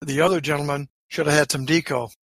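A man co-hosting a podcast in casual chat, chatty and quick to laugh. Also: fairly high pitch, steady tone, fairly bright tone, no room sound. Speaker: podcast co-host.

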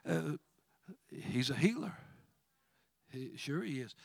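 A man's voice: mid-range voice, big pitch swings, slow, pauses often, no echo, studio quality. A man preaching a sermon, quoting scripture with rising fervor and chuckling asides. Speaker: pastor.

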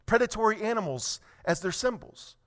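A man with a fairly high voice delivers a sermon. He reads scripture at a slow, measured pace, then presses his points with rising force. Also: expressive, fairly bright tone. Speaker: pastor.

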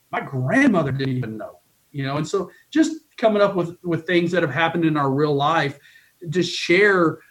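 A middle-aged man, a college baseball coach, telling a personal story in a podcast interview, earnest and emotional, with frequent restarts and repeated words. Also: a little high.

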